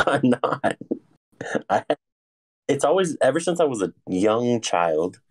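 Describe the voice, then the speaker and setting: A man's voice: mid-range voice, very animated, slow. A young man co-hosting a podcast, laid-back and laughing a lot as he chats. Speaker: podcast co-host. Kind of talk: casual chat.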